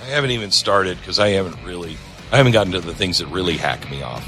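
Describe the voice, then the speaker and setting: A man hosting a radio talk show, ranting sarcastically in an animated monologue from the studio. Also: low-pitched, quick pace, soft background music.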